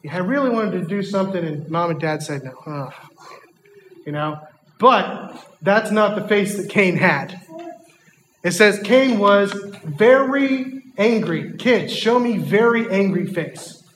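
A man preaching a children's sermon in a church hall, animated and asking the kids questions. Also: high-pitched, unhurried, a little hiss or hum.

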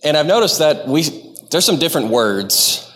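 A man's voice: fairly high pitch, sing-song, normal speed, fairly bright tone, long reverb tail. A man from Texas, giving a sermon to his church in a conversational, self-deprecating way, often stopping and restarting his sentences. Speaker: lay preacher. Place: church sanctuary.

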